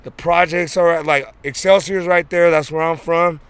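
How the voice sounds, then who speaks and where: A man from San Francisco spins loose, streetwise stories in a relaxed interview, full of slang and cursing. His voice sits a little high for a man. The recording is close and dry, with no room sound. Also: moderate pace, smooth, no room sound. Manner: laid-back, profane, streetwise slang. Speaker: interview guest, skateboarder. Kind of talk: casual storytelling interview.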